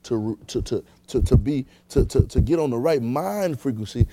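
A man's voice: mid-range voice, expressive, normal speed, mellow, a little hiss or hum. A man preaching a conversational sermon, repeating himself and throwing rhetorical questions at the congregation.

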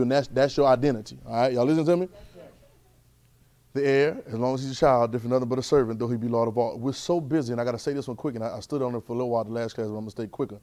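A man teaching a Bible class in a sermon style, animated, with constant call-and-response checks of his listeners. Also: medium pitch. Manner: repetitive call-and-response, keeps asking "right?"; animated, swings loud and soft.

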